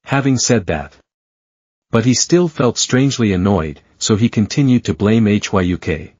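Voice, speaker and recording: A man reading a story recap in a steady, even narration. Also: on the low side, moderate pace, dry recording, lo-fi sound.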